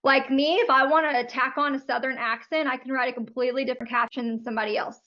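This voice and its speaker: A woman's voice: high voice, steady tone, quick pace, highs cut off. A woman coaching photographers on a live video call, talking in a friendly, frank and chatty way.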